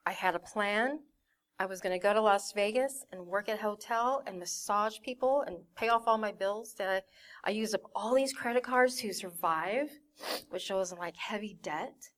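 A woman's voice: mid-range voice, moderate pace, a bit bright. A young woman giving a personal testimony in a candid way, acting out her family's voices as she tells it. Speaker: church member giving a testimony.

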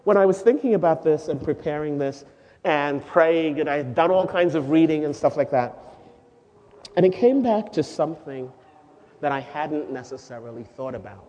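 A woman giving a sermon-style teaching to a group of women, lively and asking the audience questions. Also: deep voice, moderate pace. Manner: animated, asks the audience questions, sings out quoted lines. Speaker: speaker at a women's gathering. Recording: dull lo-fi recording with long hall reverb.

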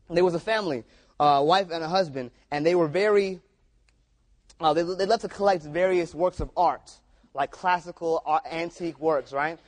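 A man's voice: fairly high pitch, moderate pace, long pauses. A man preaching a sermon through casual, repetitive stories. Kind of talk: storytelling sermon.

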